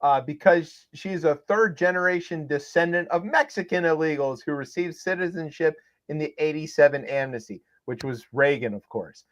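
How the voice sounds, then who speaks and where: A man's voice: fairly high pitch, normal speed, few pauses. A man co-hosting a comedic news podcast, rambling and sarcastic with many fillers. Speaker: podcast co-host. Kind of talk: casual comedic news chat. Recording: dull lo-fi sound.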